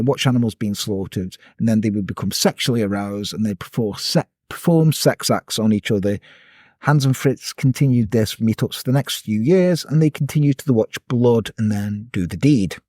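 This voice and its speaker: A man's voice: medium pitch, mellow, no echo, studio quality. A man casually telling a true-crime story on a podcast, sweary and jokey.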